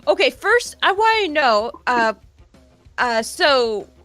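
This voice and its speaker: A woman's voice: high voice, big pitch swings, a bit bright, faint music behind. A woman playing a tabletop game, asking questions of the game master. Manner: questioning, unhurried. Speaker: player. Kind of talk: casual tabletop play.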